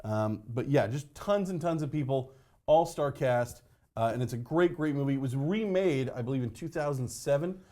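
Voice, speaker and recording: A man's voice: medium pitch, moderate pace, mellow. A man hosting a local movie review show, chatting casually with many fillers and jokes. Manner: rambling, filler-heavy, joking. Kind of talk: casual chat.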